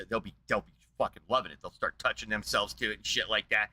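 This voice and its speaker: A man's voice: on the low side, fast, hardly any pauses, bright, forceful tone, husky. A man streaming a casual, profane rant in a blunt, combative way.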